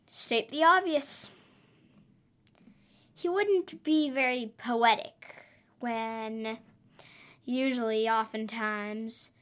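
A woman's voice: a little high, fairly bright tone. A woman telling a story for her podcast, rambling and hesitant, often trailing off and correcting herself.

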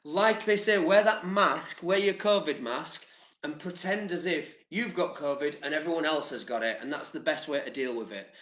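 A man's voice: fairly high pitch, normal speed, fairly bright tone, reverberant. An English man giving casual motivational talk to camera, chatty and rambling, with casual swearing. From England. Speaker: vlogger.

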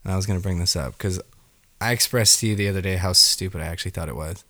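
A man's voice: sits low, fast talker, bright, forceful tone, dry recording, studio quality. A young man hosting a casual podcast, loose and laughing, swearing freely. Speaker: podcast host.

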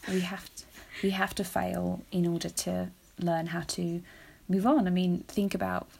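A woman's voice: lowish voice, little pitch movement, measured pace, vocal fry, darkish tone, slightly rough. A woman, hosting a podcast in casual, rambling chat. She is emotional and self-deprecating and laughs often. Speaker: podcast host.

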